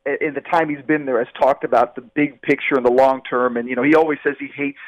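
A man's voice: mid-range voice, fairly even intonation, fast, no echo, muffled recording. A man reporting on a baseball team in a casual, emphatic sports radio chat. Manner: emphatic, conversational, addresses the hosts as guys.

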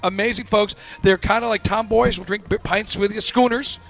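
A man's voice: sits high, steady tone, moderate pace, vocal fry, a bit bright, faint music behind. A male radio host taking calls, joking around and laughing with energy. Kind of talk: sports radio banter.

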